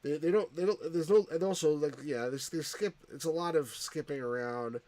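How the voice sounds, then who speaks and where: A man's voice: on the high side, normal speed, a little mellow, no room sound. Rambling man playing old computer games. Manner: rambling, restarts often, many "like"s. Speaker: retro game reviewer. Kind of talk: casual let's-play commentary.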